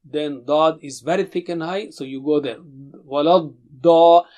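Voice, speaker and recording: High-voiced man drilling Quran syllables. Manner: slow emphatic drilling of syllables, stretched out. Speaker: Quran recitation teacher. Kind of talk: Tajweed lesson with repeat-after-me drills.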